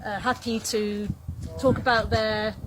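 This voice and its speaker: A woman's voice: mid-range voice, little pitch movement, measured pace, background noise. Woman guiding a garden tour. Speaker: community garden guide. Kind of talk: casual presenting.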